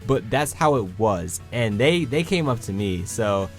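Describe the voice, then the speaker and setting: A nineteen-year-old man casually telling a personal story to his viewers, acting out the quoted lines with lively energy. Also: on the low side, unhurried, soft background music. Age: young adult. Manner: animated, acts out quoted lines.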